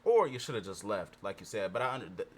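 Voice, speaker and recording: A man's voice: fairly low pitch, big pitch swings, fast. A man chatting casually, rambling and swearing as he works things out aloud. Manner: rambling, profane, thinks aloud. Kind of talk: casual chat.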